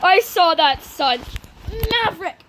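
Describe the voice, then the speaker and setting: A woman rambling through casual game commentary, getting excited, shrieking at the game and scolding her dogs. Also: sits high, a little slow, low-quality recording. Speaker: gaming channel host. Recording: loud background noise. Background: dogs nearby.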